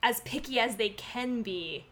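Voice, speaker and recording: Bright-voiced chatty young woman. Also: fairly high pitch. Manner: chatty, heavy use of "like", quick to laugh. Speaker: podcast co-host. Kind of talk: casual chat.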